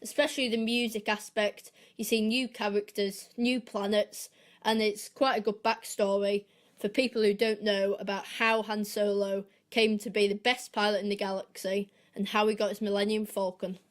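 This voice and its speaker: A woman co-hosting a film podcast, reading her prepared reviews and recommendations in a steady, measured way. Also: medium pitch. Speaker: podcast co-host.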